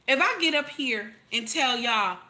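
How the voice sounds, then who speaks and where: Woman, 30s; preachy relationship commentator, repeats herself for emphasis; bright, slightly high voice. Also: lively intonation, measured pace. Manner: emphatic, repeats lines, calls out to listeners.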